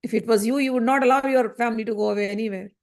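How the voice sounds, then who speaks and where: A woman's voice: fairly high pitch, fairly even intonation, very fast, a little mellow. A woman retelling a spiritual story in a conversational, explanatory way, full of rhetorical questions.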